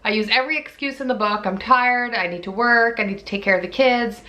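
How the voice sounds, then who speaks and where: A young woman records a casual pregnancy vlog, talking candidly to her viewers. Her voice is bright and sits a bit high, and she sounds slightly out of breath as she chats. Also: a little fast. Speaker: vlogger.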